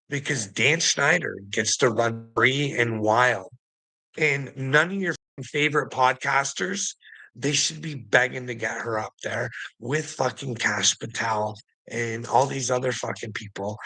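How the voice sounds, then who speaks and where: A man's voice: medium pitch, bright, forceful tone, no room sound, rough recording. A man in an angry, profane commentary rant, firing off rhetorical questions and mocking taunts. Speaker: vlogger.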